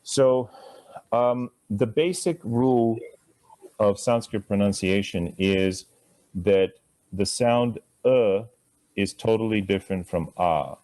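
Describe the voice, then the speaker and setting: A man's voice: fairly low pitch, darkish tone. A man teaching a live Sanskrit class, chatty and asking students to repeat sounds after him.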